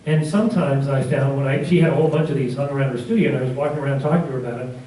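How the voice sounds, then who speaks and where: Rapid-fire and warm, this man's medium-pitched voice keeps a fairly even intonation, with a little hiss or hum on the recording. He teaches a community class, chuckling as he rambles through stories and fixes his own wording mid-sentence, captured at a distance in a roomy classroom.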